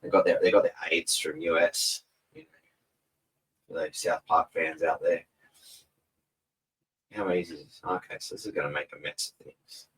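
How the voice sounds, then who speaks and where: A man's voice: deep voice, steady tone, normal speed, pauses often, a bit bright, recorded from a distance, rough recording. An Australian man hosting a casual live stream from home, rambling and laid-back and swearing freely. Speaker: host. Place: home room in front of a TV. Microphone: camera mic set back from him.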